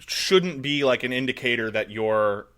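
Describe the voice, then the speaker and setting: A man's voice: mid-range voice, expressive, unhurried, fairly bright tone. A man co-hosting a podcast, ranting casually about politics with sarcasm and profanity. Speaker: podcast co-host.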